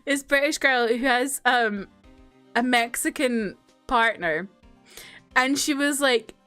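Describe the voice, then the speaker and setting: A woman's voice: fairly high pitch, slow, sharp tone, smooth, soft background music. A woman streamer chatting casually while playing a game, giggling often. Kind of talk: casual let's-play commentary.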